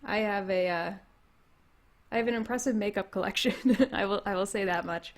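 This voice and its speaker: Slightly hoarse Canadian woman, rambling chat. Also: mid-range voice, brisk. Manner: rambling, laughs often, reads chat comments aloud. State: losing her voice. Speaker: livestream host. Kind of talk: casual livestream chat. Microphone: computer mic.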